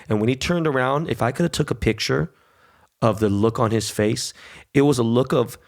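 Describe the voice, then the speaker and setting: A man in his forties hosting a podcast in casual chat, an animated storyteller who swears freely and mimics others. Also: mid-range voice, brisk. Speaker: podcast host.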